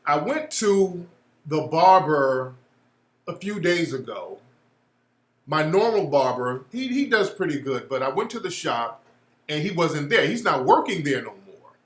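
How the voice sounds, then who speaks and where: A man speaking hosts a loose livestream in an echoey room. His voice runs slightly high and bright, and he tells his stories in a blunt, profane, animated way. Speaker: show host. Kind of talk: casual livestream talk.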